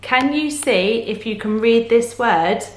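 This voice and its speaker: A woman teaching phonics to young children in a slow, encouraging, sing-song manner, asking lots of questions. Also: on the high side, roomy sound. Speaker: primary school teacher.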